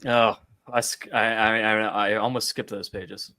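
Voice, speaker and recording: Man, podcast co-host, bright tone, animated, swears, acts out lines. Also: lowish voice, measured pace. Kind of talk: casual comic book chat.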